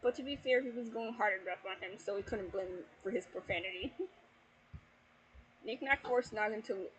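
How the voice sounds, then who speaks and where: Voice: medium pitch, brisk, fairly bright tone, dull audio, slight background noise. A YouTuber reading a fanfiction aloud at home at night, breaking off into exasperated, heavily sworn commentary and laughter. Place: at home at night with family asleep.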